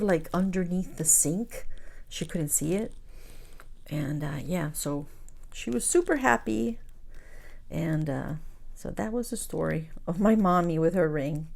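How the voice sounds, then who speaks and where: Low-pitched, gravelly, and a little mellow, her voice carries casual crafting-channel chat. She tells stories, calls her audience "guys," and at times sinks into a whisper.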